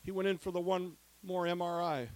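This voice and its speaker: High-voiced, emphatic man preaching. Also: a little fast, no echo. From Ohio. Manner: lively, emphatic, swinging between loud declarations and hushed storytelling. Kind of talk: preaching testimony.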